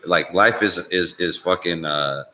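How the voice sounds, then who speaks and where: A man with a low, bright, forceful voice talks a little slowly while hosting a live Q&A stream. He's indoors while visiting Canada, speaking casually, rambling, and swearing constantly.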